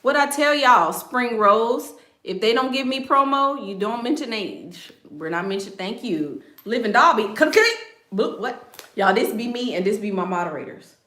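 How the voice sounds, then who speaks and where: A woman's voice: on the high side, expressive, normal speed, sharp tone, roomy sound. A woman chatting casually on a live stream. She talks bluntly and with confidence, and she repeats her phrases for emphasis. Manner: blunt and self-assured. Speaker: online content creator.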